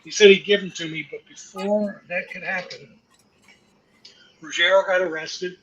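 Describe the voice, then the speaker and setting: An older man, a guest actor, telling profane, animated stories about his career to a live audience and acting out the quotes. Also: sits high, normal speed, a little hiss or hum, low-quality recording. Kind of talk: anecdotal storytelling to a live audience.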